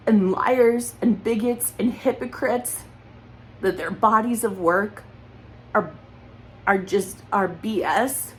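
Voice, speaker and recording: A woman's voice: medium pitch, a little hiss or hum, rough recording. A woman speaking in an emotional personal monologue, accusatory and repetitive, holding back tears. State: close to crying.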